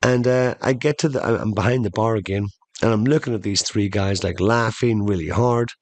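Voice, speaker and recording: A man hosting a podcast, telling a funny story in an animated way and slowing down for emphasis. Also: fairly low pitch, no echo. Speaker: podcast host. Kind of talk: comedic storytelling monologue.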